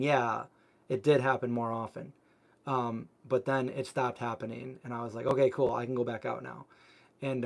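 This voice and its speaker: Rambling man chatting on a live stream. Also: mid-range voice. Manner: rambling storytelling full of filler words. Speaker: vegan cooking channel host. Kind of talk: casual livestream chat answering viewer comments.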